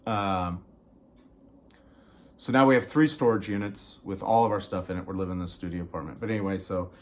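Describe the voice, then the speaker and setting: A man's voice: sits low, steady tone, brisk. A man in a small studio apartment, telling a story in a heated, casual rant. He swears often and acts out what other people said. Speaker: vlogger.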